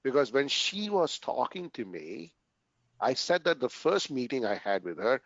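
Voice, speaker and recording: A man speaking as a guest in a casual interview, earnest and talking in short bursts that he often ends with "right?", pausing and restarting his sentences. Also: medium pitch, big pitch swings, vocal fry, a bit bright, no echo, muffled recording.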